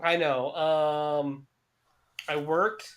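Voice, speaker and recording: A man's voice: a little high, fairly even intonation, drawn-out words, a bit bright. A young man co-hosting a podcast, talking in a cynical, heavily profane, rambling way. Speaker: podcast co-host. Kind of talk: casual chat.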